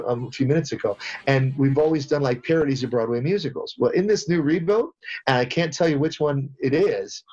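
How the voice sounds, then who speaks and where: Animated male voice actor, lo-fi. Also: mid-range voice. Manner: lively, slips into impressions. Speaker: voice actor guest. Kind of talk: interview answers, storytelling.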